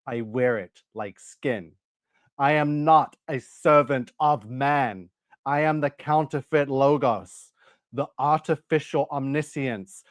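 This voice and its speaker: A man's voice: medium pitch, no echo, clean studio sound, voice pushed up, close to an everyday voice. A man reading aloud an AI chatbot's answers, cast as a demon making a solemn confession.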